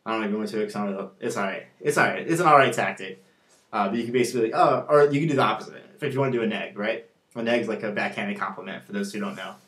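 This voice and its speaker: A man's voice: fairly low pitch, racing, fairly bright tone. A man giving a casual dating-advice lesson, talking loosely with lots of fillers and acting out both sides of the conversations he describes. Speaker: dating coach. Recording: echoey room.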